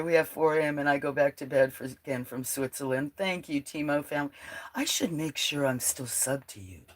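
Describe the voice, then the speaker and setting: A woman with a croaky, frog-like voice hosting a casual livestream, rambling, laughing often and reading out her chat. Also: low-pitched. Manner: chatty, rambling, laughs often, drops to a near whisper at times. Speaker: livestream host.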